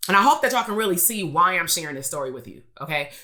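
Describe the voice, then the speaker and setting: Fast and expressive, this woman coaches business owners in a motivational live-stream talk. Her fairly low voice is bright and forceful as she tells a blunt, streetwise story and pushes her points with rhetorical questions.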